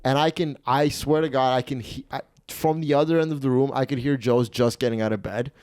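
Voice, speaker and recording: A man's voice: medium pitch, steady tone, fairly quick, a little mellow, clear, resonant tone, dry recording, clean studio sound. A man in his twenties hosting a podcast, telling a rambling, profane story and acting out the people in it. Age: 20s. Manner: rambling, profane, acts out quoted voices. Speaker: podcast host. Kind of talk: casual storytelling.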